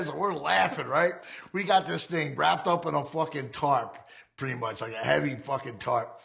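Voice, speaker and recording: Rough-voiced man, heavy fry, rambling and foul-mouthed as he tells a story. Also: a little high, normal speed, fairly bright tone. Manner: profane, rambling, laughs while telling. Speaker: ex-convict telling his story. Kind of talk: casual storytelling.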